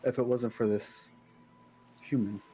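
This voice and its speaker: A man's voice: medium pitch, fairly even intonation, measured pace, mellow, soft background music, natural voice. Man playing a proud, grieving prince. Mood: restrained. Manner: clipped and restrained, through gritted teeth. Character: proud grieving young prince, tightly restrained.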